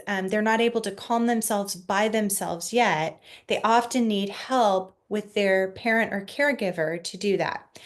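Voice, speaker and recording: A woman counselor giving parents calm, gentle advice in a reassuring way. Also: mid-range voice. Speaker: family counselor.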